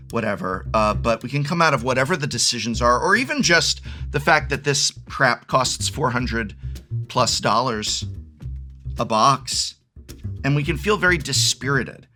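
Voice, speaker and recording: A man's voice: medium pitch, sharp tone. A man in his forties talking casually and enthusiastically as a card game video host, rambling and often restarting his sentences. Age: 40s. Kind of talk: excited unboxing chat.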